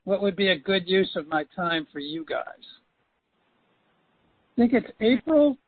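A man's voice: sits high, animated, a little slow, no room sound. A man coaching his trainees on a call, stressing points by repeating them. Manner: emphatic, repeats himself for stress. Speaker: sales coach. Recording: phone line, dry.

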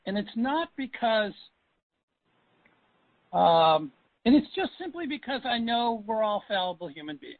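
With a high, sing-song voice and a measured pace, a male sales coach pauses often while coaching trainees over a dry phone line. He presses each point by emphatically repeating it.

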